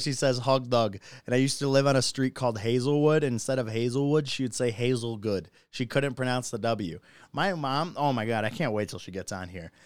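A man hosting a casual live-streamed podcast, chatty and excitable, laughing often. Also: mid-range voice, smooth, no echo. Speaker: podcast host. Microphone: phone or computer mic on a live stream.

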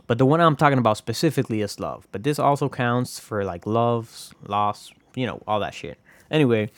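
A man's voice: medium pitch, brisk, dry recording. A man hosting a casual solo podcast, rambling and profane, joking at his own expense. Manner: rambling, profane, self-deprecating. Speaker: podcast host.

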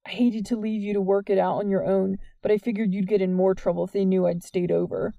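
An earnest, wordy teenage boy speaking softly and sincerely, read by a woman. The tone is very dark and mellow, with no hint of brightness. It sounds close and dry, like a storybook reading. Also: medium pitch, level tone, quick pace, gravelly, no echo, highs cut off, close to an everyday voice. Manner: soft, plain and sincere.

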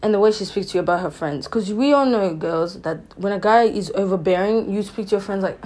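Brisk and with few pauses, a young podcaster lays out firm views on dating straight to her listeners, checking in often with "you know what I'm saying." The voice is medium-pitched, mellow and warm instead of bright, and the chat is animated and casual.

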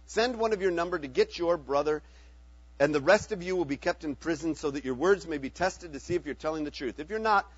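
A man's voice: fairly high pitch, fairly quick, husky, no room sound, muffled recording. A man voicing a stern, commanding male governor while reading a scripture passage aloud.

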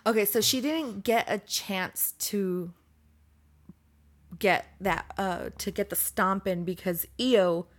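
A woman's voice: mid-range voice, slow pace. A woman co-hosting a podcast in casual chat, laughing often as she talks. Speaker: podcast co-host.

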